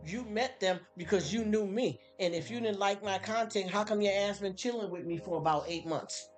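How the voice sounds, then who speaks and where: A woman's voice: mid-range voice, normal speed, few pauses, faint music behind. A woman hosting a live stream, venting bluntly to her chat and mocking people with put-on voices. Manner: blunt, fired-up, mocking impressions.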